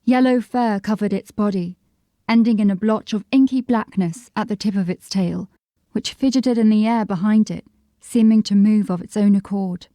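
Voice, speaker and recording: A woman narrating a fantasy audiobook in a measured, descriptive storytelling manner. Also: medium pitch, dark tone, no echo, studio quality. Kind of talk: scripted narration.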